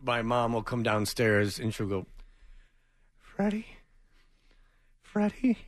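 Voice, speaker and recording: A man's voice: lowish voice, level tone, normal speed, a bit bright, dry recording, studio quality. A man co-hosting a podcast, telling wry family anecdotes in casual chat. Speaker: podcast co-host.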